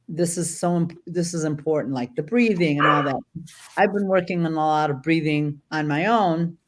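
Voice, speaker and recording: A woman hosting a casual chat as a dog trainer, talking in a chatty way with frequent restarts and tag questions like "right?". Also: low voice. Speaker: dog trainer and show host.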